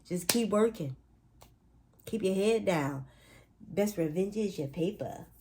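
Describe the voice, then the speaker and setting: A woman's voice: medium pitch, expressive, takes it slowly, noisy background. A woman talking casually to viewers in a spiritual pep talk, chatty and emphatic, with playful asides and speech. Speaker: astrology and spiritual reader.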